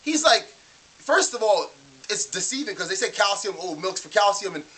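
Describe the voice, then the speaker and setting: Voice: mid-range voice, big pitch swings, normal speed, pushed and bright. A vlogger ranting casually and in disbelief, acting out their own past remarks in quotes. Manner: exasperated, incredulous ranting. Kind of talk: casual ranting vlog monologue.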